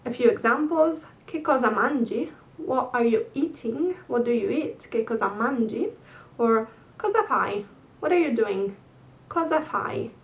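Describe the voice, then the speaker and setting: Slow woman teaching. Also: on the high side, expressive, distant mic. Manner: slow, careful, repeats each example. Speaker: Italian teacher. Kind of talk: slow language lesson.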